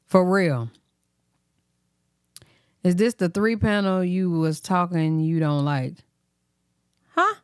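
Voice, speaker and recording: A woman's voice: on the low side, slow, long pauses, clean tone, dry recording, clean studio sound. A woman hosting a casual reaction stream, chatty and addressing viewers directly. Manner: chatty, animated, talks to viewers. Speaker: reaction host.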